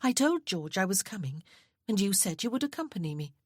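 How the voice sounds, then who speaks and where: A woman reading as an impulsive, earnest young woman, voice a little raised above her narration, slightly husky. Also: mid-range voice, sing-song, a little fast, no echo, studio quality, pitched above the performer's own voice. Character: young woman, newly wed, emotional, affectionate.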